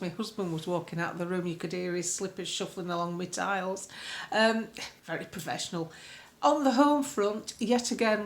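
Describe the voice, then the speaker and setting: A woman's voice: medium pitch, fairly bright tone. A woman from the UK, a political commentator, recording a blunt, opinionated vlog monologue at home with colourful sayings. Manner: blunt, colloquial, earthy sayings.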